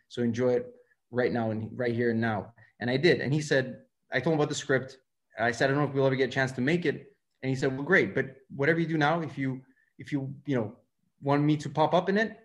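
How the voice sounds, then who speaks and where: A man in his thirties from Russia, speaking English, telling stories as a film director guest and acting out the lines of the people he quotes. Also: medium pitch. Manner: fast, animated, acts out quoted dialogue. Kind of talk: casual interview storytelling.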